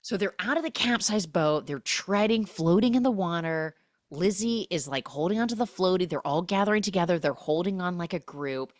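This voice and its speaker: Woman, podcast host, casual recap, sarcastic, chatty, lowish pitch, dead dry room. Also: animated, moderate pace, no room sound. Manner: chatty, sarcastic, heavy use of "like".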